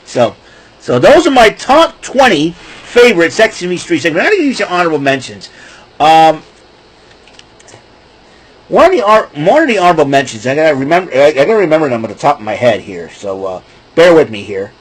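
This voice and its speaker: Husky man rambling in casual solo talk. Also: a little high, sing-song, a little fast, poor audio. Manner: rambling, restarting, breaks into goofy voices and laughs. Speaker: podcast host.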